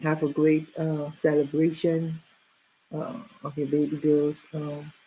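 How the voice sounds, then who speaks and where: Slow, husky low-voiced woman. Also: completely flat delivery, warm tone, poor audio. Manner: rambling, many fillers and restarts. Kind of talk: casual group chat.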